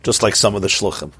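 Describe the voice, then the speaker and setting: Husky man teaching a Torah class. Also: fairly low pitch, no room sound. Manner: animated, mock-cheerful asides, rhetorical questions.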